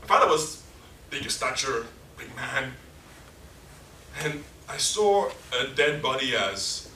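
A man's voice: mid-range voice, big pitch swings, takes it slowly, long pauses, sharp tone, reverberant, distant mic, slight background noise. A man preaching a passionate sermon, acting out scenes in different voices. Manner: impassioned, acts out scenes in many voices.

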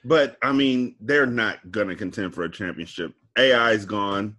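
A man co-hosting a podcast in casual chat, telling stories in an animated, joking way with slang. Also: lowish voice, normal speed. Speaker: podcast co-host.

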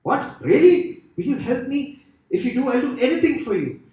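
A man voicing a frantic, panicking man who pleads for rescue in a high, shrill voice. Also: sing-song, normal speed, a little mellow, dull audio, exaggerated voice. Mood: panicked. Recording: echoey hall from far off.

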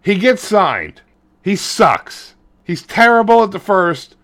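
A man co-hosting a podcast, retelling scenes in a crude, rambling, animated flow. His voice is bright and sharp, pitched a little high for a man, with a loose casual pace. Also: slow pace. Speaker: podcast co-host. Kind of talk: casual chat.

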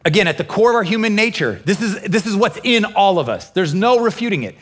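A pastor preaching a lively sermon, acting out inner voices and quoting scripture with feeling. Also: male voice, high voice, brisk. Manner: animated, acts out inner voices and quotes. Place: church, also streamed online.

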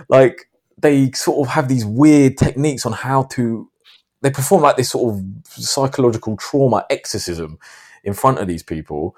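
A man hosting a podcast, telling a long story in a rambling, animated way. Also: medium pitch, normal speed. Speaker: podcast host. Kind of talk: casual podcast chat.

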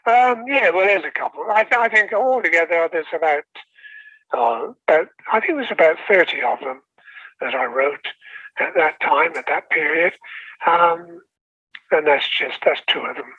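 Older guy, transatlantic accent, high bright voice, kinda husky, old radio-style cadence, sounds like it's coming over a phone. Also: animated, measured pace, long pauses, dry recording, muffled recording. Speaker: guest poet. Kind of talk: reciting his own rhyming poem, then chatting.

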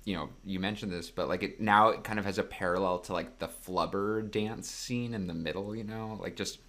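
A man's voice: sits low, fairly even intonation, a little fast, fairly bright tone. A man co-hosting a podcast, talking through a film in a loose, rambling way full of filler words. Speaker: podcast co-host. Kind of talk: casual film discussion.

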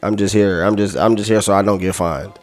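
A man's voice: lowish voice, steady tone, brisk, darkish tone, faint music behind. A man hosting a podcast, ranting heatedly and profanely, repeating himself. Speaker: podcast host.

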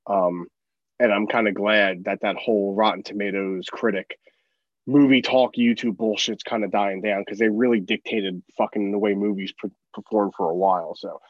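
A man's voice: on the low side, fairly even intonation, moderate pace. A man in a mid-range voice rants bluntly and swears freely in casual podcast talk. His sound is a little dull and lo-fi, and it is dry with no room echo. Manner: blunt, profane, ranting. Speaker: podcast co-host. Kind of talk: casual movie podcast chat.

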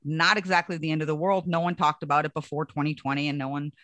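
A woman on a political panel, arguing in a brisk, dismissive way. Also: sits low, level tone, fairly bright tone, no echo. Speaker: political commentator.

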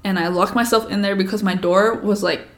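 A young woman co-hosting a podcast, telling childhood stories in a casual, profane, animated way. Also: mid-range voice, a little fast. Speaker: podcast co-host. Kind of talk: casual storytelling chat.

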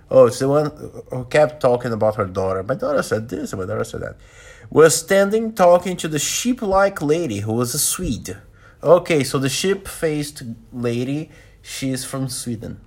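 A man reads a novel aloud and keeps breaking off to comment on the story. His voice is husky, and his intonation rises and falls a lot. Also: medium pitch, darkish tone. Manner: stops to comment and restates lines. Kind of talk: reading a novel aloud with asides.

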